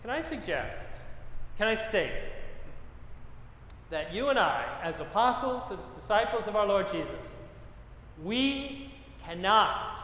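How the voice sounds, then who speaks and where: A man's voice: high-pitched, fairly bright tone. A middle-aged man, a pastor, preaching a sermon with emphatic repetition and personal stories. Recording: echoey hall with long reverb.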